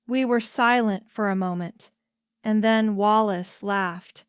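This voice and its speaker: A woman reading a true story aloud in slow, careful scripted narration for English learners. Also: medium pitch, clear, resonant tone, no room sound, clean studio sound. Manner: careful, evenly paced reading.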